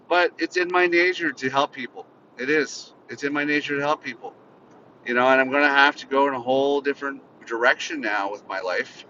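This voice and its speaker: A podcast host vents bitterly from inside a car in an unscripted, profane solo rant. His voice is bright and forceful, and he talks a little fast. The recording is slightly muffled, with a faint rumble from the vehicle.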